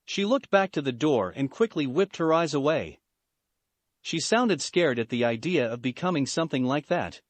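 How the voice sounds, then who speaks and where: A man reading a fan fiction story aloud as scripted narration, even and unhurried. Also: fairly high pitch, no echo.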